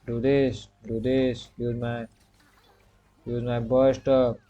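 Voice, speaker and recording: Slow and level, this man's medium-pitched voice comes through a muffled recording as he plays a video game. He's a gaming streamer narrating each move aloud, repeating brief commands and filling pauses with "you can say."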